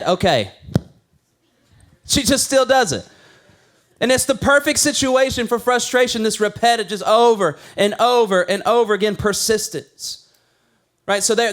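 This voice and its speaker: High-voiced man preaching casually. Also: normal speed, fairly bright tone. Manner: conversational, playful storytelling with acted quotes. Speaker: pastor. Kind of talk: sermon.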